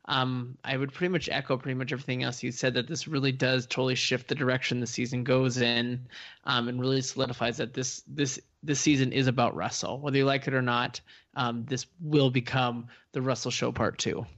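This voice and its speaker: A man with a middle-pitched voice reminisces on a podcast, reflective and leaning on lots of filler likes as he gathers his thoughts. The recording is slightly dull and muffled. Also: little pitch movement, brisk, a bit bright. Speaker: podcast co-host. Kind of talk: casual chat recapping a TV show.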